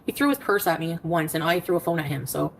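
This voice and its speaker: A woman on a casual livestream, rapidly recounting a quarrel by reading out her text messages. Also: sits low, lively intonation, creaky, slight background noise, low-quality recording.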